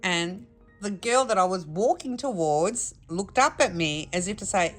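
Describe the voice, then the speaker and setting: A woman's voice: mid-range voice, a little slow, faint music behind. A middle-aged woman hosting a craft vlog, telling a funny story to camera in a chatty, laughing way. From Australia. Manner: chatty, laughing, animated retelling. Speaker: craft channel host.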